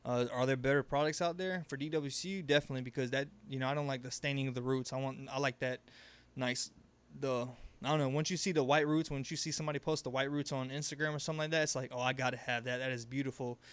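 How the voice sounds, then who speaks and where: Laid-back rambling man, smooth voice. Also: mid-range voice, fairly even intonation, fast talker. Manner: laid-back, rambling, swears freely, laughs often. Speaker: livestream host. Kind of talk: casual live Q&A chat.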